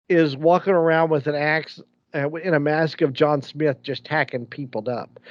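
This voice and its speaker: On a dull-sounding, lo-fi podcast recording with no echo, a co-host with a voice on the higher side chats casually. He rambles through his stories and keeps starting over.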